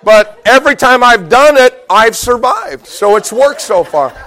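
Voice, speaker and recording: A man's voice: very high-pitched, unhurried. A middle-aged man preaching a sermon, telling a personal story with animation and building to emphatic, repeated lines. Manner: animated storyteller, shouts and laughs in retelling; preaching with rising emphatic repetition. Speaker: pastor.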